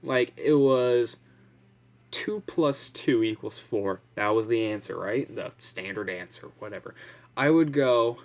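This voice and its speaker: A man's voice: medium pitch, a little slow. A young man vlogging in a casual, blunt, profane ramble, full of fillers and restarts.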